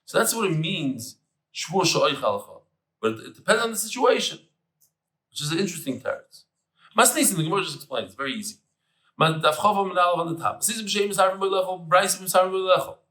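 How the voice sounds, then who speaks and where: Male Talmud teacher, bright and animated delivery, echoey room. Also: high voice, fast. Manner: animated, chatty, mixes Hebrew terms into English. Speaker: Daf Yomi teacher. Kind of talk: lively Talmud lecture. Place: room with tables and air conditioner.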